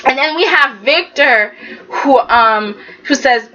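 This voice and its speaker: Bright, high-voiced woman recapping a soap. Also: takes it slowly, lo-fi sound, slight background noise. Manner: animated, talks straight at the characters. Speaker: soap opera recap vlogger. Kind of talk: casual recap commentary.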